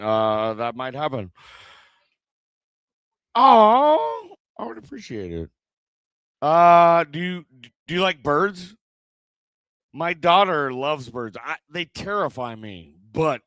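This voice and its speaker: Hesitant, bright-voiced man emceeing. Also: medium pitch, smooth, dry recording. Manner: rambling, hesitant, full of "uh"s. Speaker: open mic host. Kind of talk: casual emcee banter.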